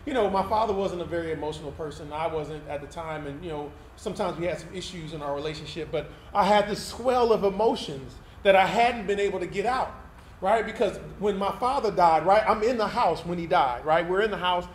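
A man's voice: high voice, a little fast. Man, pastor, candid sermon, keeps asking "right?", echoey event hall. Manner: candid, conversational, tag questions like "right?". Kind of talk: personal testimony sermon. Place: event hall used for Sunday service. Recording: roomy hall sound with faint noise.

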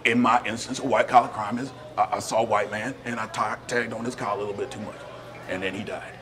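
A man's voice: lowish voice, fairly even intonation, fast talker, over music, natural voice. A man playing a prison inmate in a sketch comedy monologue, rambling and stammering with indignation.

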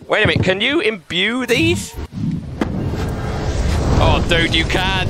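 Gamer guy, high and swoopy, jokey and laughing a lot, music going under him. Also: lively intonation, takes it slowly, long pauses. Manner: playful, joking, laughs often. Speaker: gaming host. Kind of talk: excitable gameplay commentary. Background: background music.

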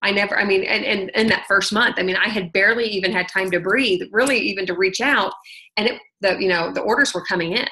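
A woman tells her own story on a team conference call. She speaks in a bright, slightly tense voice and runs on chattily with lots of "like" and "oh my gosh". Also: mid-range voice, fast talker, rough recording. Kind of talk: personal testimony on a conference call.

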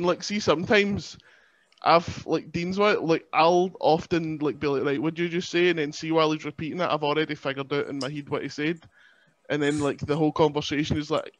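A man's voice: on the high side, steady tone, fairly quick, dry recording, dull audio. A man, a podcast guest on a remote call, chatting in a self-deprecating way and laughing often. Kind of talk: casual podcast chat.

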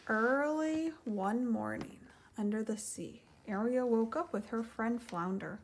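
A woman gently reading a children's storybook aloud and then going through vocabulary words. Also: a little high, unhurried, slight background noise. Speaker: storybook reader and teacher.

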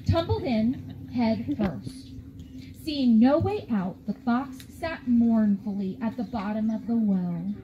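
A woman's voice: a little high, slow, highs cut off, background noise. A woman librarian leading a children's storytime, reading aloud and talking playfully to the kids. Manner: animated, playful, talks to kids.

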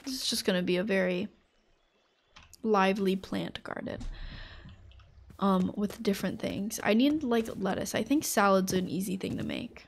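A woman's voice: mid-range voice, normal speed, creaky, long pauses, a little hiss or hum. A woman streaming a game live, chatting casually and rambling, with lots of fillers and frequent laughter. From United States.

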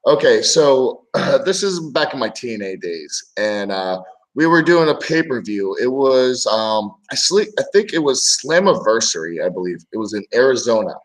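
A former wrestler chats on a casual talk show, telling stories with a lively voice that swings up and down. He plays out quoted lines as he goes, and his voice sits in a middle pitch. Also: normal speed, poor audio. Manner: animated storyteller, acts out quoted voices. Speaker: podcast co-host, former wrestler. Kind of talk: casual chat, storytelling.

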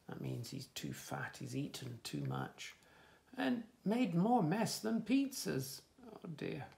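Gravelly, lively man reading to kids. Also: a little high, takes it slowly. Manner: animated, playful asides to young listeners. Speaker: children's storyteller. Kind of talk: reading a picture book aloud to children.

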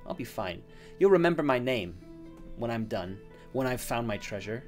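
A man's voice: mid-range voice, big pitch swings, moderate pace, soft background music, lightly acted. A man voicing a small male halfling adventurer who pleads and then brags about future fame. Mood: boastful.

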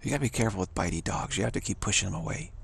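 Gravelly low-voiced man, rambling talk. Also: lively intonation, very fast, a bit bright, slight background noise. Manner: repetitive, stammering restarts; mocking high voices for quoted people. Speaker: spiritual teacher.

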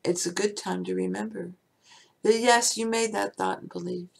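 A woman's voice: mid-range voice, fairly even intonation, normal speed, vocal fry. A woman hosting an inspirational spiritual talk, asking the listener many rhetorical questions. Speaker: spiritual teacher and host.

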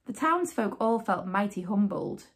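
A woman reading a rhyming children's picture book aloud as a storyteller, with an expressive, sing-song delivery. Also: mid-range voice, unhurried, husky.

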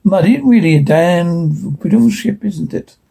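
A man's voice: high-pitched, measured pace, vocal fry, dark tone, husky, full character voice. Mudd, a man reading as a roguish space trader. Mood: wheedling. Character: roguish smooth-talking male space trader.

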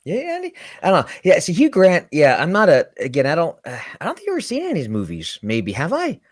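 A man's voice: a little high, huge pitch swings, fast talker, no room sound, studio quality. A man co-hosting a casual recruiting talk show, rambling and self-deprecating, often repeating his words. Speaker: podcast co-host, recruiter. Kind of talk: casual chat.

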